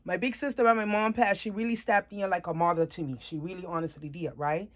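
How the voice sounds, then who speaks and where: Talking fast with hardly any pauses in a lowish voice, a woman who vlogs about her doll hobby recounts her life story to camera. She keeps it casual, chatting with and frequently checking in on viewers, her animated retelling shifting voices up and down.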